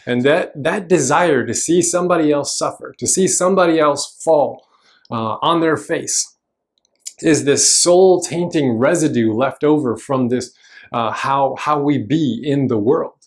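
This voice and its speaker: A man's voice: a little high, a little slow. A man, a pastor, giving a conversational sermon in a church, explaining scripture casually with fillers and restarts.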